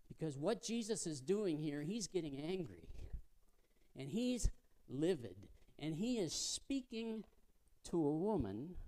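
A man preaching a sermon as a guest speaker. He tells the story vividly, asks the congregation questions and drops to a hush to make his points. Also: a little high.

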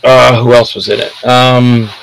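A man's voice: medium pitch, flat delivery, unhurried, creaky, clean tone, dry recording, low-quality recording. A man, an independent film director and guest, telling stories in a casual, rambling way and often losing names mid-sentence.

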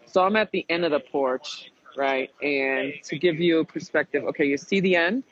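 A man's voice: fairly high pitch, moderate pace. A man casually retelling a frustrating reality show experience, profane and emphatic, quoting people as he goes. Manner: profane, emphatic, animated retelling with quoted voices. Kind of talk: casual storytelling chat. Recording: dull lo-fi sound.

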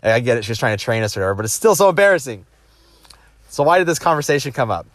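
Speaking at a racing clip in a medium pitch, this executive shares personal anecdotes in a casual motivational style. He's animated, mimics the people he quotes, and often starts his sentences over; the audio has no echo.

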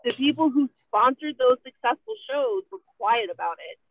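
A woman's voice: high voice, animated, moderate pace, slight background noise. A woman talking over the phone on a podcast, explaining things at length. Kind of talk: casual podcast chat. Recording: tinny phone line.

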